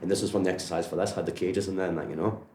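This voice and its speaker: A Geordie man with a very low voice talks quickly as a martial arts coach, rambling through stories in a friendly, casual way. His voice carries an echo from the room around him. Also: fairly even intonation, a little mellow, a little hiss or hum. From Newcastle, England. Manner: rambling, friendly, lots of "you know" and "like". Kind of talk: casual storytelling interview.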